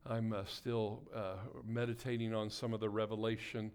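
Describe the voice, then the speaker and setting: A smooth, darkish male voice on the low side, steady in tone and moderate in pace, carries a pastor's sermon and prayer. He stands before the congregation in a church sanctuary, calling out for amens and mounting toward emphatic exhortation.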